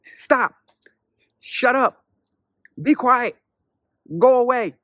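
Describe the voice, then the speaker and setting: A man voicing a distraught female crab in a spoken folk parable, pleading and then snapping back loudly. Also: sits high, unhurried, no room sound, clean studio sound. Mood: angry.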